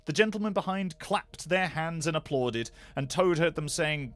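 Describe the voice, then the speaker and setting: A male voice actor reading a bedtime story aloud, expressive and animated. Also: fairly high pitch, normal speed, hardly any pauses. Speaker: voice actor, narrator.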